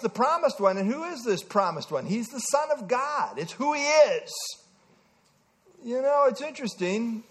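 Man, high-pitched, leading an evening Bible study; casual teaching voice, quizzes the group, lots of "uh" fillers. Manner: conversational, asks the group questions, frequent "uh" fillers.

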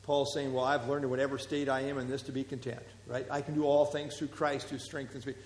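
A man's voice: mid-range voice, little pitch movement, quick pace, a little mellow, a little hiss or hum. A man teaching a Bible class, explaining verses and putting questions to the group, with frequent fillers. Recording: roomy hall with long reverb.

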